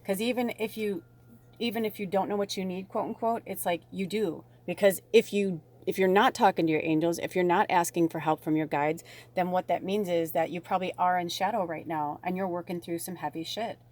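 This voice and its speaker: A woman's voice: on the low side, fairly even intonation, a little fast, a little mellow. A woman casually talking through a spiritual tarot reading to her viewers, rambling and bubbly in manner. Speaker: tarot reader.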